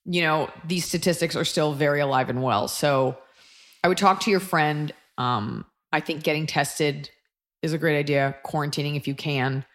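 A woman in her thirties co-hosting a casual advice chat, blunt and emphatic with quick asides. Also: low-pitched. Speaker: podcast co-host giving advice.

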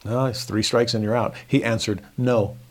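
Man teaching scripture, lively storyteller. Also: fairly low pitch. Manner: animated, acts out the dialogue in quick voices. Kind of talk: casual scripture lesson.

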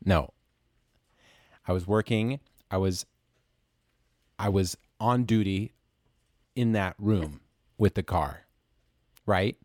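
A man's voice: low-pitched, takes it slowly, long pauses, darkish tone, no echo, studio quality. A man playing an indignant employee and then a lawyer in an improv comedy scene, protesting and objecting.

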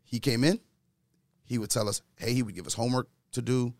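A man talking earnestly from his own experience in a casual discussion, getting louder and higher when he retells an argument. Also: fairly even intonation, brisk, dry recording. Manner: earnest, speaks from personal experience.

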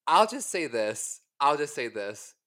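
A man co-hosting a podcast, chatting in an animated way, laughing and swearing while telling stories. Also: on the high side, a little slow. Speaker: podcast co-host. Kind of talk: casual chat.

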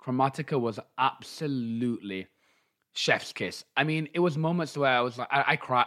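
A man's voice: mid-range voice, moderate pace, pushed and bright. Man, thirties, English accent. Chatty, camp podcast co-host, mid-range voice. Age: 30s. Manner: chatty, camp, swears freely. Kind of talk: casual chat.

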